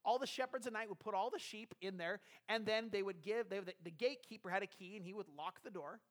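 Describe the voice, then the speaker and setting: A man with a notably high voice for his sex preaches to his congregation. He talks conversationally and keeps posing rhetorical questions as he walks through a scripture passage. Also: fast talker. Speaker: pastor. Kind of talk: sermon.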